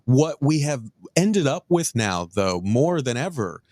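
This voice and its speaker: A man explains social and economic ideas in a calm, analytic lecture style. His voice is recorded close, with a dry sound and no room echo. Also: mid-range voice, takes it slowly.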